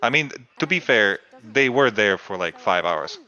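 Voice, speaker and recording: A man's voice: on the low side, sing-song, moderate pace, sharp tone. A man speaking English as a second language in casual chat, searching for words and piling up fillers. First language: not English. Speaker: co-host. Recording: dull lo-fi audio.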